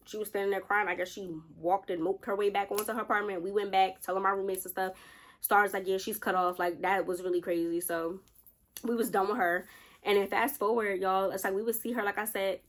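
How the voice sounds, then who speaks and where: A woman in her late twenties chats straight to her viewers, telling a storytime in a loose, animated way. She keeps calling them y'all and slips into the voices of the people in the story. Her pitch sits in a middle range for a woman. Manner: animated, addresses viewers as y'all, acts out quotes. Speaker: storytime vlogger. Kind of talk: casual storytelling to camera.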